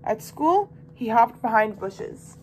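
A woman volunteer reading a children's picture book aloud with expressive, lively storytelling. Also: fairly high pitch, takes it slowly, slight background noise. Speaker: volunteer reader.

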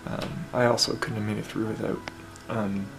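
A man vlogging to camera in a heartfelt, casual way, halting and full of pauses and ums. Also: on the low side, flat delivery, vocal fry, low-quality recording. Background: music playing.

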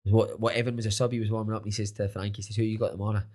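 A man's voice: lowish voice, flat delivery, rapid-fire, darkish tone. A Scottish man, a football coach and podcaster, telling stories with frequent swearing and laughter in a casual interview.

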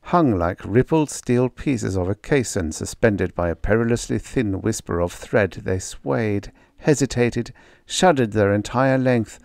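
A man narrating a first-person story in a hard-boiled, expressive reading on a close mic. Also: lowish voice, vocal fry, no echo. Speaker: audiobook narrator.

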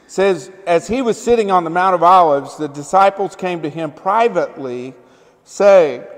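A male pastor with a high voice and lively intonation preaches at a moderate pace, keeping things loose and conversational and asking the congregation "right?" and "amen?" again and again. Long church hall reverb fills the sanctuary recording.

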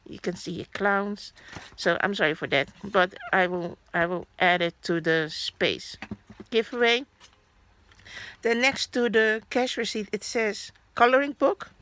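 Slow, chatty woman vlogger. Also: mid-range voice, fairly bright tone, a little hiss or hum. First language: Dutch. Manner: rambling, chatty, frequent fillers and self-corrections. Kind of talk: casual haul vlog.

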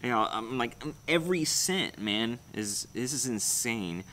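A man's voice: mid-range voice, expressive, unhurried, bright, forceful tone, slight background noise. A young man hosting his channel, chatting casually through viewer comments in a rambling, blunt way and swearing freely. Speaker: channel host. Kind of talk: casual livestream comment chat.

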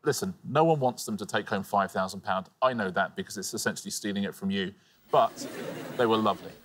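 A man co-hosting a quiz show, chatting trivia in a relaxed, wry way. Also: on the low side, fairly quick, slight background noise. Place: TV studio.

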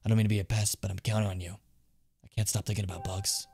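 A man voicing a shy, eager young man obsessed with collecting bugs, reading game dialogue aloud in a low, confiding tone. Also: level tone, quick pace, gravelly, darkish tone.

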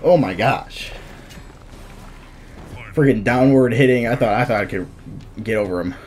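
A young man giving live commentary over his fighting-game matches, casual and self-critical, muttering under his breath and then yelling out at big moments. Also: mid-range voice, a little slow. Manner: reactive, swings from muttering to sudden shouts. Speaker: gameplay commentator.

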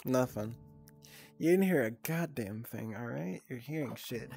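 A man talking casually to his stream chat in a mid-pitched voice. He swears freely, laughs a lot, and flips between being flustered and teasing. Faint music plays underneath. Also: expressive, a little slow, creaky, a little mellow, slightly rough. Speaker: livestreamer.

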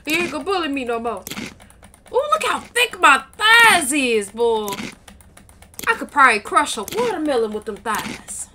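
Woman gaming, high lively voice, bragging and trash talking, keyboard clicks behind. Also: normal speed, a little hiss or hum. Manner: playful, boastful trash talk. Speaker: gaming channel co-host. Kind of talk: casual gameplay commentary.

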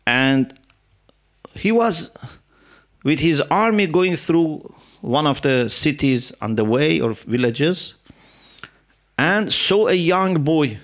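A man's voice: on the high side, expressive, takes it slowly, pauses often. Man giving a religious talk, English. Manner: explanatory storytelling with Arabic quotations; frequent "yeah?" and "you know" to check in with listeners. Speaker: Islamic scholar and lecturer. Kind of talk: religious lecture. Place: mosque hall with a live audience.

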